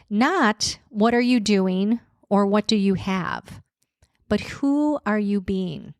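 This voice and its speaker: A woman life coach hosts her solo podcast in an encouraging tone, asking her listeners one question after another. She talks slowly and deliberately, with a hint of a lingering cold. The recording is dry and close, with no room sound. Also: medium pitch, a little mellow, dry recording. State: recovering from a cold.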